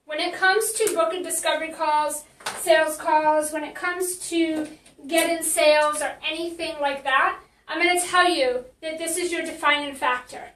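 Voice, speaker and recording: A woman's voice: high voice, fairly even intonation, moderate pace, a bit bright, echoey room, recorded from a distance, a little hiss or hum, low-quality recording. A woman marketing coach teaching in a casual live stream, chatty and blunt, with many fillers and restarts.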